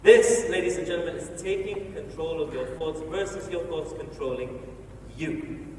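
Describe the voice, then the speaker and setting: A man giving an energetic, playful motivational talk on stage in a large hall, telling the audience what to do. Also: on the high side, normal speed, slight background noise. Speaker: motivational speaker. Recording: echoey hall from far off, faint ambience.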